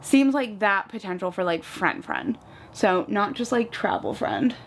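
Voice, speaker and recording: A woman's voice: medium pitch, measured pace, creaky, slight background noise. A young woman from the US East Coast chatting casually while doing her makeup at home, filling her talk with "like" and acting out little retellings. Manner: chatty, peppered with "like", animated retellings. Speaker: vlogger. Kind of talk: casual get-ready-with-me chat.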